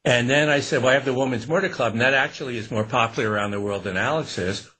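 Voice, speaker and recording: An older man with a husky voice, answering interview questions casually. He rambles and restarts, unbothered. Relaxed, easygoing delivery. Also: medium pitch, fast. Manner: relaxed, rambling, laughs often. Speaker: author guest.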